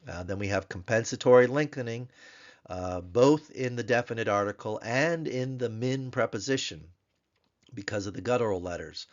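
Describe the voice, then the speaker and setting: A man teaching a grammar lesson in a recorded tutorial, explaining slowly and repeating words so learners can pronounce them. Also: mid-range voice, highs cut off. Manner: slow, careful, repeats Hebrew words to drill pronunciation.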